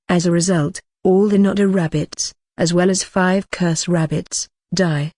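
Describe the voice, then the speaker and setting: An audiobook narrator reading a first-person story in an even, steady way. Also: medium pitch, no echo, studio quality.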